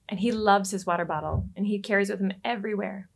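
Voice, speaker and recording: A woman, a relationship coach, telling a personal story as a podcast guest, lively and quick to laugh. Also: mid-range voice, creaky. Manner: animated, laughs often and acts out quoted lines.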